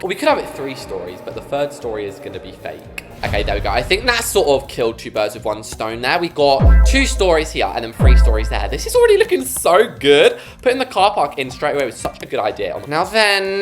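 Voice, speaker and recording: A young British woman giving chatty, jokey gameplay commentary while building, with sudden loud squeals. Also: rumbling low. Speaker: gaming YouTuber. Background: background music.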